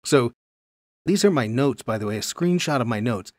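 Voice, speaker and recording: A man in a middle register teaches a Bible lesson to camera, animated and conversational. He keeps checking in with his viewers as he explains. The recording is dry and close, with no room sound. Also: medium pitch, normal speed, no echo.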